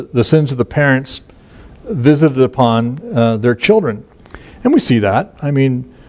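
A middle-aged man, a pastor, walks listeners through a passage of scripture in a loose, conversational way. He often stops and restarts his sentences and leans on fillers, then slows into a steadier cadence when he reads the verses aloud. His voice sits at an ordinary male pitch. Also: darkish tone. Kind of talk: informal Bible teaching.

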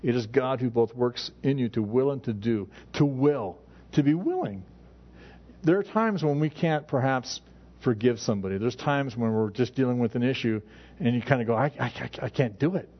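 A man's voice: medium pitch, expressive, normal speed. Man preaching conversationally, lo-fi sound. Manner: conversational preaching with frequent restarts. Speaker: pastor. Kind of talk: sermon. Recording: dull lo-fi recording.

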